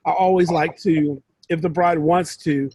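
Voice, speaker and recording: A man's voice: fairly high pitch, steady tone, unhurried, warm tone, breathy edge, dry recording, poor audio. A man mentoring one student in a casual, rambling way over a video call, often restarting his sentences. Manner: rambling, conversational, with frequent restarts.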